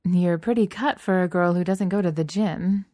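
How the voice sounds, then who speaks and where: A woman voicing a tough young heroine with a deadpan, wry way of talking. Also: lowish voice, moderate pace, dry recording, studio quality, lightly acted. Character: tough, dry-witted young woman hero.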